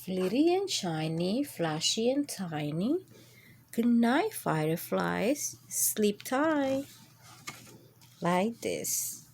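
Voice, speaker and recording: A woman reading a bedtime picture book aloud to children, slow and sing-song, jumping into high squeaky animal voices. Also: sing-song, darkish tone, slight background noise. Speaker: children's storyteller.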